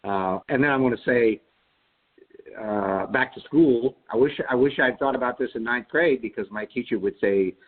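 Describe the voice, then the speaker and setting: Husky-voiced man reflecting over a phone line. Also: mid-range voice, moderate pace. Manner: thinking aloud with frequent restarts. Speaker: panelist in a Bible study call-in. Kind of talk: reflective casual discussion.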